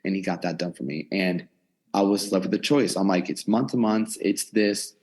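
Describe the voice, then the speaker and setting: A man in his twenties who owns a gym and works as a personal trainer tells his story in a casual interview, acting out what he and others said. He has a deep voice at normal speed and is recorded at his gym, a converted storage unit.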